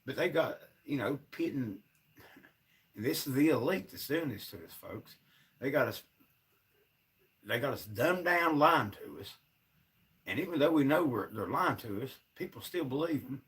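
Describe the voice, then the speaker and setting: A man's voice: mid-range voice, expressive, normal speed, long pauses, a bit bright, recorded from a distance. A man, ranting to his viewers on a casual livestream, sounding frustrated and fed up. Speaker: livestream host.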